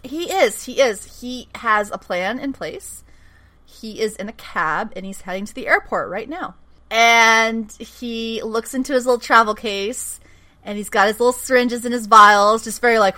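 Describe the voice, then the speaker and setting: A woman's voice: fairly high pitch, moderate pace. A woman co-hosting a casual podcast, retelling a TV episode with giggles, swearing and acted-out lines. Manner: giggly, animated, acts out characters' lines, swears freely. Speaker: podcast co-host. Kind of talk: casual chat recapping a TV episode.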